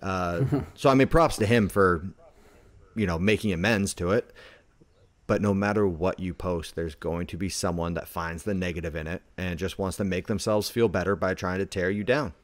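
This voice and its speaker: A man with a lowish voice talks loosely in a casual conversation, piling up "like" as he rambles through his stories. The sound is dry and close, with no room around it. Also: moderate pace, dry recording. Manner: rambling storyteller, heavy on "like".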